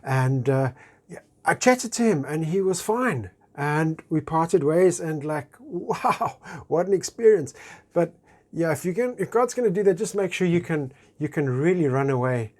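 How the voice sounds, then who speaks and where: Man telling an animated personal story. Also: a little high, a little slow. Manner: chatty and expressive, with fillers and acted-out dialogue. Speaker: speaker sharing a personal testimony.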